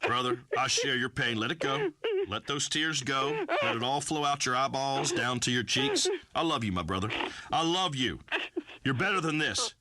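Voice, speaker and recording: An actor playing a brash, folksy redneck farmer who hosts a talk radio show, blustering through rambling pronouncements. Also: male voice, mid-range voice, moderate pace, pushed and bright. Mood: preachy. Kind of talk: comic talk radio acting.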